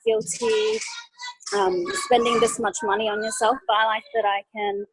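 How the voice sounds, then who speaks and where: A woman's voice: on the high side, very animated, moderate pace, husky, low-quality recording. A young woman giving a nervous testimonial over a video call, hesitant and full of ums and likes. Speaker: guest speaker.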